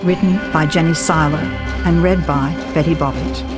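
A woman narrating an audiobook in a measured, low-key first-person storytelling manner. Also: fairly even intonation, loud music behind the voice.

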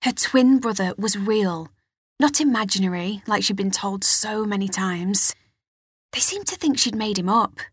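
A woman narrating an audiobook in measured, expressive storytelling. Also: mid-range voice, breathy edge, no echo, clean studio sound. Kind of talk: scripted narration.

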